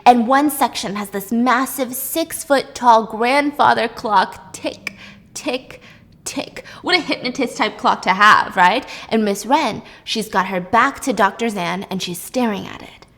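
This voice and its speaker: Young woman telling a story while she bakes, chatty and lively, a bit high. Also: measured pace, few pauses. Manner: chatty, animated, laughs often. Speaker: host. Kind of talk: casual storytelling while baking.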